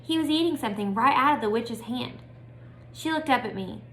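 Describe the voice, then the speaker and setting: A woman's voice: fairly high pitch, animated, a little fast. A woman casually reading a children's book aloud with friendly, chatty asides. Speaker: storybook reader. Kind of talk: casual read-aloud storytelling.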